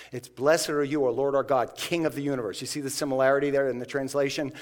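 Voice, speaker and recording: A man's voice: mid-range voice, brisk, hardly any pauses. A man preaching a sermon in a conversational way, acting out the voices of the people in the passage. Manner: conversational, acts out scripture voices. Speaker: pastor.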